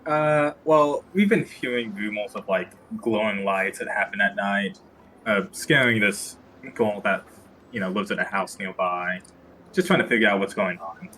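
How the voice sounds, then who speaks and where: A low-pitched man talking as a player in a tabletop game. He speaks casually and haltingly, leaning on fillers. Faint noise hums behind him. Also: pushed and bright, rough recording.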